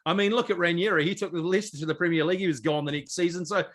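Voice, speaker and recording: A man co-hosting a sports podcast in casual, jokey chat, animated and rambling with fillers. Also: sits high, racing. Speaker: podcast co-host.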